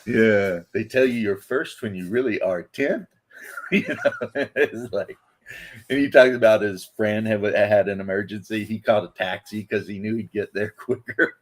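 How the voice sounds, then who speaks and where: Speaking at a normal speed in a lowish voice, this man hosts a relaxed podcast conversation. He laughs frequently, wanders from point to point, and uses loose filler words.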